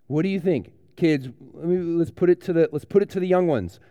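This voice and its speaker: A man's voice: a little high, a little fast, warm tone, no echo, highs cut off. A man, a pastor giving a playful, joking children's sermon in a conversational way.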